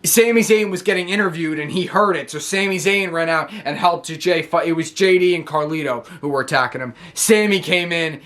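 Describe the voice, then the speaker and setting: Excitable high-voiced man recapping. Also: normal speed, hardly any pauses. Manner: excitable, rambling, self-correcting, laughs often. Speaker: wrestling channel host. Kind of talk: casual show recap.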